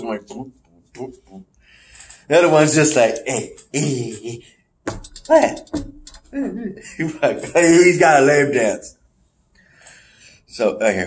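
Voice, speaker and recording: A man hosting a podcast, casually recapping wrestling shows and acting out the wrestlers in put-on voices. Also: a little high. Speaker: podcast host.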